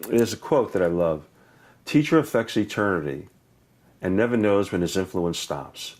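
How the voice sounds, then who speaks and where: Older male educator guest, low voice, lively anecdotes with laughter. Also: moderate pace. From Brooklyn, New York. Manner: animated, laughs often, acts out voices in stories. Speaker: educator and author, interview guest. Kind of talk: warm anecdotal storytelling.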